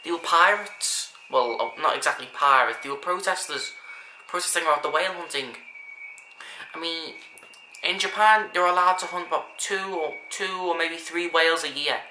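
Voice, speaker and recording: A man speaks in a bright, forward voice, wandering through his thoughts and restarting sentences as he goes. He sounds earnest and unpolished. The recording is echoey, with a faint hiss underneath. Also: on the high side, normal speed. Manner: rambling, earnest, many restarts and asides. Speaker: vlogger. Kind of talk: casual monologue to camera.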